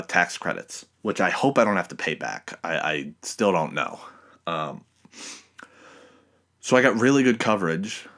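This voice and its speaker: Man, deep voice, casual podcast host, profane, rambling. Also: a bit bright.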